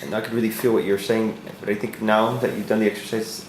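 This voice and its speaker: A man's voice: lowish voice, fairly even intonation, quick pace. A man acting student giving classmate feedback, hesitant and searching for words. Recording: roomy echo, faint noise.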